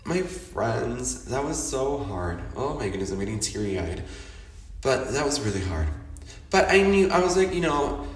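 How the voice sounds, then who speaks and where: A man's voice: mid-range voice, roomy sound, distant mic. A man hosting his podcast in a casual, candid monologue, chatty and frank, laughing often and swearing freely. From Chicago. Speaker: podcast host.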